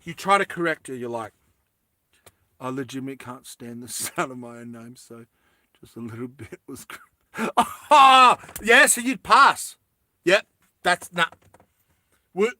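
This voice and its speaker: A chatty man who rambles through a comic monologue and keeps laughing at his own ideas as he talks to his audience. His voice is bright and a little raised, and it sounds dry, with no room around it. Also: a little high, no echo. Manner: chatty, giggling between lines, casual slang. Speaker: vlogger.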